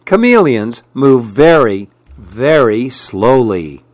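A man reading a children's storybook aloud, gentle and unhurried. His voice rises and falls a lot for emphasis, and the sound is dry and close. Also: medium pitch, sing-song, no room sound.

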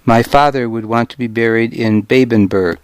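A man's voice: mid-range voice, steady tone, normal speed, dry recording, lightly acted. A man voicing a tearful young priest in an audiobook. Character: weeping young male priest, a son.

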